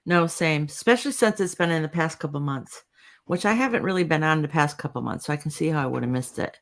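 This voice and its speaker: A woman's voice: low voice, expressive, quick pace. Woman, livestream co-host, casual chat, reads out comments, agreeable.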